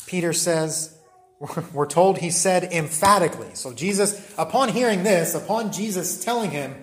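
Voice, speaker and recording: A man's voice: high-pitched, lively intonation, moderate pace. A man teaching a Bible study class in a conversational way, often checking in with the listeners.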